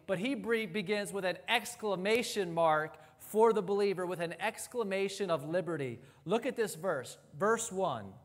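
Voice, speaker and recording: Pastor, male, high voice, emphatic preacher with deliberate pauses; long church reverb. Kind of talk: sermon. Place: church sanctuary.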